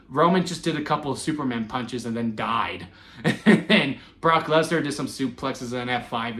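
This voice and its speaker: A chatty man talks through a wrestling event in a loose, animated way, laughing as he goes. His voice sits at an ordinary middle pitch. The sound is roomy and echoey. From Texas. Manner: chatty and animated, laughs often, restarts and fillers. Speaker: wrestling reviewer. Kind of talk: casual solo review. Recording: echoey room.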